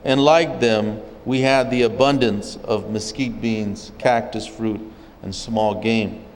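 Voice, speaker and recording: A man from an O'odham community in Arizona recounting his people's history as a speaker at a public forum, in a measured storytelling way. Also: lowish voice, fairly even intonation, big-room sound, slight background noise, rough recording. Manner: measured storytelling, occasional restarts. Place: legislative chamber at a state capitol.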